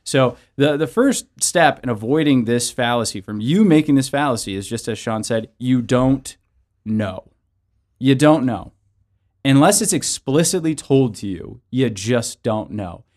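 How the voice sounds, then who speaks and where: A man's voice: medium pitch, lively intonation, normal speed, a little mellow. Earnest pastor man teaching casually. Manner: earnest, with frequent tag questions of "right?"; counseling tone, gives practical relationship advice. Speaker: pastor and show host. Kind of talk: conversational Bible teaching.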